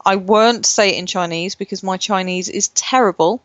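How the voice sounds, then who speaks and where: A woman's voice: mid-range voice, moderate pace, dry recording, muffled recording. A woman co-hosting a casual podcast, rambling with lots of fillers and swearing freely. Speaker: podcast co-host. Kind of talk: casual chat.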